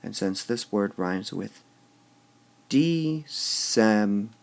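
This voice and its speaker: A man's voice: medium pitch, expressive, takes it slowly, vocal fry. A man teaching a recorded lesson on poetic meter. He goes step by step, says "all right" often between steps, and repeats words with shifting stress to show the beat.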